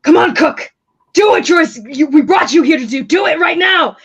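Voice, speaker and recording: A woman voicing a desperate, bloodied male assassin who yells brusque orders. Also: high voice, little pitch movement, slow pace, highs cut off. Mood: frantic yelling. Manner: shouting, urgent, brusque.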